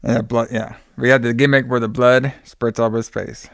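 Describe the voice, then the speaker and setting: Smooth-voiced man recapping a movie casually. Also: medium pitch, little pitch movement, moderate pace, a bit bright, no room sound, clean studio sound. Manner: rambling, swears freely, many fillers.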